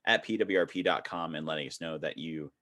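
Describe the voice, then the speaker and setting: A man's voice: very deep voice, fairly quick, bright, forceful tone. A man hosting a podcast, chatting casually with frequent laughs and fillers. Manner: laughs often, rambling with fillers. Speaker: podcast host.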